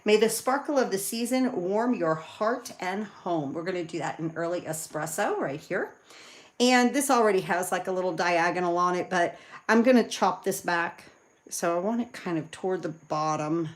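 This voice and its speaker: A woman chatting excitedly with viewers while she demonstrates card making live from her craft room. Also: fairly low pitch, moderate pace. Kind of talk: live crafting demo chat.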